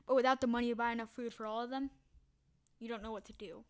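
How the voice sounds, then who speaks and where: A woman playing a text adventure, reading the story aloud in a hushed voice and breaking into loud, excited reactions. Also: a little high, fast talker. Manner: reads narration quietly, bursts into loud excited reactions. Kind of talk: casual let's-play narration.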